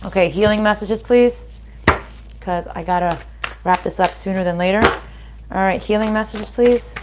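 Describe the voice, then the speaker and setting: Against a noisy background, a woman of medium pitch talks at a normal speed through a spiritual card reading for her viewers. Her tone is comforting and conversational, peppered with little "right?" and "okay?" check-ins.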